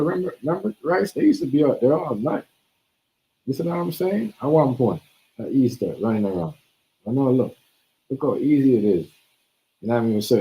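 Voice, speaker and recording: A man in casual conversation drives his points home with emphasis. He keeps checking that the listener follows him, and his voice is low. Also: mellow, rough recording. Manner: emphatic, keeps asking "you see what I'm saying". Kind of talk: casual chat.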